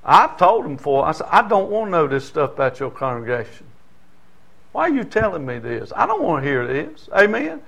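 An older man preaches to his congregation in a folksy, talking style, dropping in call-and-response asides. His voice sits a bit high for a man. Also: wildly swooping pitch, a little fast, gravelly, fairly bright tone. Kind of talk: sermon.

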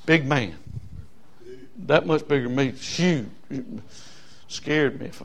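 A man preaching a storytelling sermon, dropping to hushed asides and rising to shouted hollers. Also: mid-range voice, slow, slight background noise.

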